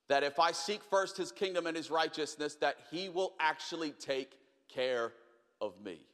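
A young man preaching a sermon, telling a story with acted-out voices, then dropping to quiet questions. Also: a little high. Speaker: pastor. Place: large church hall. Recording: long hall reverb.

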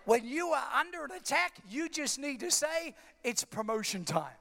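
A male pastor preaching a sermon with passion, building up to shouts. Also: very high voice, a little fast, gravelly, few pauses, a little hiss or hum. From Australia. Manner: impassioned preaching, rising to shouts. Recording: echoey hall reverb.

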